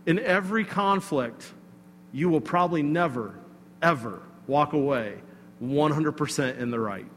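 A man preaching a sermon, telling a personal story in a conversational, animated way with asides to the congregation. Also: on the high side, a little slow, big-room sound, slight background noise. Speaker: pastor.

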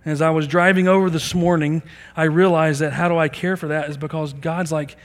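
High-voiced male pastor preaching in a hall. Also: fairly even intonation, fairly quick. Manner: earnest, conversational preaching with acted-out dialogue. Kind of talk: sermon.

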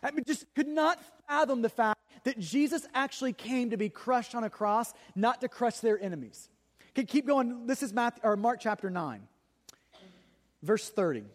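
A male preacher with a strikingly high voice, speaking to a congregation in a large hall whose long reverb trails after each phrase. He talks casually, stammers and doubles words, and climbs into forceful, loud emphasis. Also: lively intonation, normal speed. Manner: conversational, stammers and repeats words, builds to loud emphatic peaks. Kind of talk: sermon.

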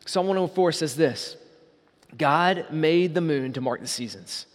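High-voiced preaching man in a hall. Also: a little slow. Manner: preaching with rising emphasis and repetition. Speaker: pastor. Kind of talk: sermon.

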